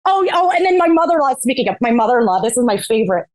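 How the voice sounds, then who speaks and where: High-voiced profane woman guest. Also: sing-song, very fast, darkish tone, no room sound. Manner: candid, profane, laughs often. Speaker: podcast guest, reality TV competitor. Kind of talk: casual chat.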